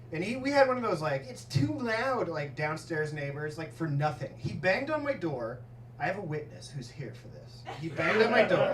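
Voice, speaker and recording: A man doing a stand-up set, telling stories in an animated way and laughing at his own jokes in a comedy club. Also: fairly high pitch, noisy background. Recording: roomy club sound, mic at a distance, audience laughter.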